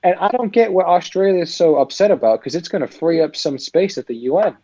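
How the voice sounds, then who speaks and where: A man's voice: a little high, brisk, mellow, muffled recording. A young man co-hosting a podcast, joking sarcastically and swearing in casual chat. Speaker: podcast co-host.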